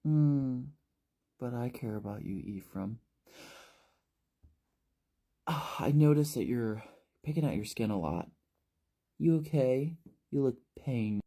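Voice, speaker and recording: A man voicing a manipulative teenage boy who talks in a soft, coaxing, falsely caring way, in a storytelling recap. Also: medium pitch, lively intonation, takes it slowly, pauses often, husky, heavily acted.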